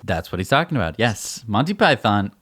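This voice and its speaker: A man's voice: lowish voice, very animated, brisk, a bit bright. A man co-hosting a casual news show, friendly and joking. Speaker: co-host.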